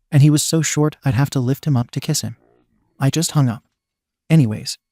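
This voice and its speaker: A man narrates a story in a steady, even reading voice. His tone is mellow and warm, and the recording is dry and close. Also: mid-range voice, dry recording. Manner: steady reading that spells out abbreviations letter by letter. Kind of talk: scripted narration of an online post.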